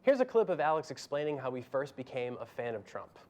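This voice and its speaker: A man's voice: mid-range voice, sing-song, brisk, darkish tone. A man hosting a comedy show, delivering scripted commentary in a dry, sardonic way.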